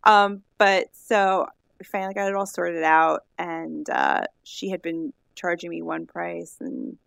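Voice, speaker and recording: A woman co-hosting a podcast in casual chat, rambling and halting with lots of fillers and restarts. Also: on the low side, level tone, gravelly, a bit bright, clear, resonant tone, dry recording. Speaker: podcast co-host.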